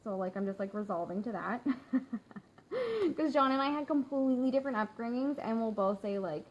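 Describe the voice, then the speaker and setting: A woman's voice: a little high, lively intonation, moderate pace. A woman in her thirties, a work-from-home mom, chatting candidly to viewers in a casual live stream, with lots of fillers and easy laughter. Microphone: phone. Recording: slightly dull phone audio with faint hum.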